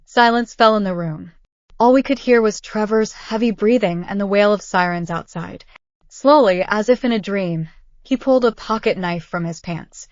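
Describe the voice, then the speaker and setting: A woman's voice: medium pitch, moderate pace, no echo. Woman reading a dramatic story, dry and dull. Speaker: narrator. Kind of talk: first-person story narration.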